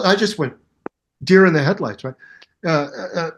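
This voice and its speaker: A man in his seventies, a musician guest in an interview, telling anecdotes in a hyper, animated way and acting out the voices of people in his stories. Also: a little high, normal speed. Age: 70s. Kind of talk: storytelling interview.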